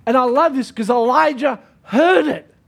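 A pastor preaching an earnest, emphatic sermon with dramatic pauses. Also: male voice, extremely high pitch, vocal fry, a bit bright.

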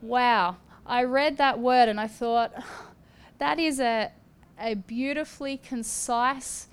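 A woman preaching and giving prophecy in a fervent charismatic style, with rising exclamations and sharp gasps. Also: a little high, smooth. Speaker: prophetic minister.

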